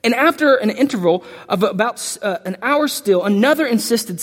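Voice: mid-range voice, expressive, fairly quick, few pauses. A preacher giving an emphatic sermon to a congregation, reading scripture aloud and stumbling now and then over the words. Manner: emphatic, impassioned delivery. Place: large hall with a congregation. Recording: long hall reverb.

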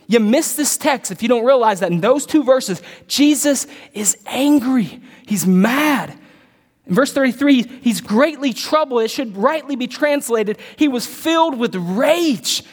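A male pastor preaching an animated sermon, dropping to low murmurs and jumping to loud bursts. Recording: long reverb of a large hall.

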